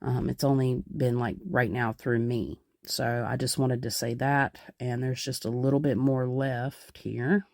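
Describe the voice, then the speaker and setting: A woman's voice: a bass voice, fairly even intonation, a little slow, vocal fry, few pauses, darkish tone, no echo, clean studio sound. A young woman hosting a podcast as a psychic medium, explaining in a rambling, casual way with many fillers.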